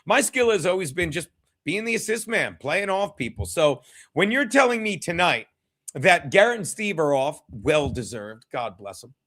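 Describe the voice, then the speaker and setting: A man's voice: a little high, very animated, normal speed, a bit bright. A man hosting his own livestream, rambling and swearing casually as he chats with viewers from home. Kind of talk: casual solo livestream chat.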